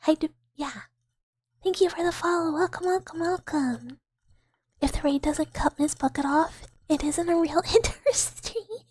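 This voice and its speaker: High, slow-spoken woman hosting a live ASMR stream; playful, giggly, dipping into whispers. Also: dry recording. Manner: giggly and playful, slipping between soft speech and whispers.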